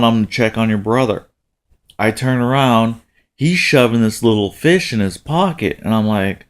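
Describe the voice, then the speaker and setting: A middle-aged man telling a casual story about taking his kids fishing, with a relaxed delivery that jumps up in pitch for quoted lines. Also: a little slow, smooth. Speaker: father telling a family story.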